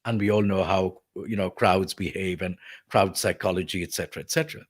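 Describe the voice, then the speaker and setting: A man's voice: deep voice, steady tone, fairly quick. A man, a voice artist, explaining voice technique in an interview and acting out example lines like a teacher. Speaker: voice artist guest.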